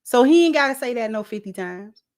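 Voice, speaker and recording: Talking to camera, a woman who vlogs about relationships gives casual advice in a conversational way. She speaks a little fast with lively intonation, repeats phrases, and drops her voice low and soft for asides.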